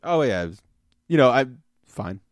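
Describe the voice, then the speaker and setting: A man hosting a podcast, chatting casually in a rambling, excitable, profane way. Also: medium pitch, normal speed, dry recording. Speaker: podcast host. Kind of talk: casual chat.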